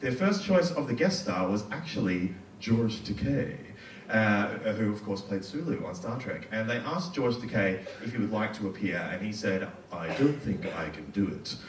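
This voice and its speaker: A man's voice: fairly low pitch, animated, roomy sound, distant mic, noisy background. Playful male stand-up comedian. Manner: quick, playful delivery with loud acted quotes. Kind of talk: stand-up set. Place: comedy club stage.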